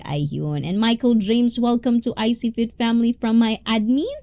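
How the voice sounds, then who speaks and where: A young woman chats with her viewers on a livestream, reading their comments aloud and laughing often. Her voice is mellow and her pace is slow and easy. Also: fairly high pitch, clear, resonant tone. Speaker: livestream host reading chat. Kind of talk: casual livestream chat.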